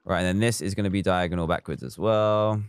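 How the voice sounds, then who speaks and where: Low-voiced man chatting on a stream. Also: fairly quick, a little hiss or hum. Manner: chatty, reads viewer comments aloud and counts blocks under his breath. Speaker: live streamer. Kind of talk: casual live-stream chat while building in a game.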